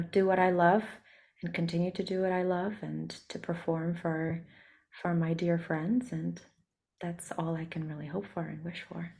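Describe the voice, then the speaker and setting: A woman singer with a hoarse voice from a cold, speaking softly with many pauses in a casual interview. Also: on the low side. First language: Russian. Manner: soft-spoken, many ums and pauses. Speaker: singer and musician, interview guest.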